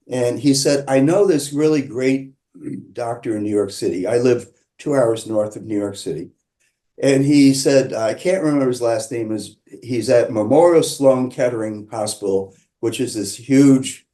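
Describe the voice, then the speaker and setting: Guy with a warm low-key voice telling his own story, slow and thoughtful, lots of pauses. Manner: measured, reflective, with pauses and restarts. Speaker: qigong practitioner sharing his story. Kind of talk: personal storytelling.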